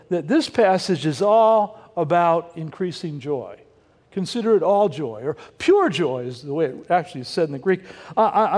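An older man delivers a Sunday sermon in a high, light voice. He keeps it conversational, tossing in puns and questions for the congregation. His words ring out with a long reverb through the church hall. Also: a little mellow. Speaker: pastor.

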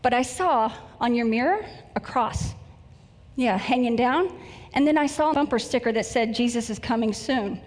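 Woman doing a police officer, deadpan, matter-of-fact, highish voice, long hall echo. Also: normal speed, natural voice. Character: dry-witted male police officer. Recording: echoey hall reverb.

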